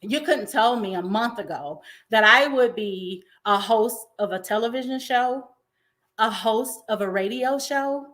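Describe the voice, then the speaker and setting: A woman host speaks in a bright, slightly high voice. She talks in an emotional, effusive, faith-filled way, encouraging and uplifting her audience. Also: unhurried. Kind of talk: inspirational talk-show monologue.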